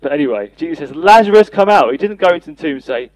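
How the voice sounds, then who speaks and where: A man's voice: a little high, animated, very fast, a little mellow, dry recording, rough recording. A man preaching a sermon, earnest, reading and acting out scripture quotes for a podcast. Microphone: podcast mic.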